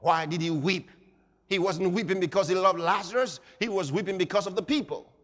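A man preaching a sermon, swinging between hushed passages and shouting. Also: high voice, brisk. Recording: reverberant hall.

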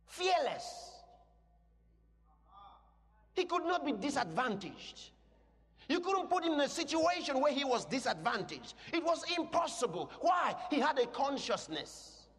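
A man preaching a sermon, teaching in an emphatic way and breaking into shouted declarations, often asking the congregation questions. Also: very high-pitched, sing-song, measured pace, long pauses. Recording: long hall reverb.

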